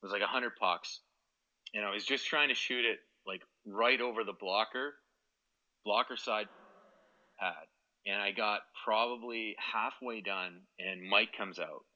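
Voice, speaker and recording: Male interview guest, low and forceful, rambling storyteller, slightly muffled audio. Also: measured pace. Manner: rambling anecdotes, quoting others. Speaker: guest, former hockey player.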